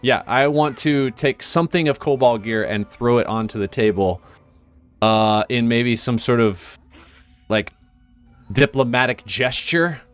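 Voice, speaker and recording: A man's voice: mid-range voice, a little slow, clear, resonant tone, faint music behind. A man playing a tabletop game who thinks aloud and often restarts his sentences. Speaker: player. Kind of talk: casual tabletop game talk.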